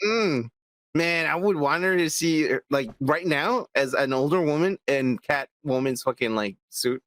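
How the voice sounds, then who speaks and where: Man, animated pitch, rambling, profane, lots of fillers, dry close mic. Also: a little slow, no room sound. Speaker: podcast co-host. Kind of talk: casual chat.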